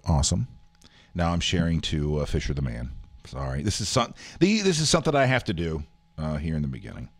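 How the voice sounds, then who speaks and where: A man runs through the day's news in a loose, rambling chat. His pitch swings widely as he reacts to stories. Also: fairly bright tone. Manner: rambling, rough news rundown full of fillers. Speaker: host. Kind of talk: casual morning news chat show.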